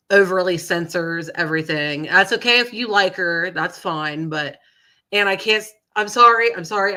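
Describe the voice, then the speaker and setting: A woman's voice: on the low side, sharp tone. A woman live streamer with a nasal voice, getting over a cold, chatting in a gossipy, rambling way with apologetic asides. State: recovering from a cold, sniffly. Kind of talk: casual live-stream chat.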